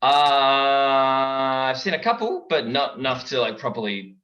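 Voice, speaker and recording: Young man, guest, bright voice, lively pitch, playful, repeats words, video call, dull lo-fi audio. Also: a little slow. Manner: animated, playful, repeats words when starting. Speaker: guest comedian and impressionist. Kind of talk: casual chat over a call.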